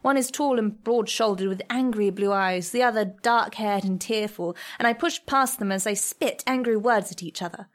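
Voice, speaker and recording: A woman reading a first-person story aloud in a soft, measured, reflective way. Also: mid-range voice. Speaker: narrator.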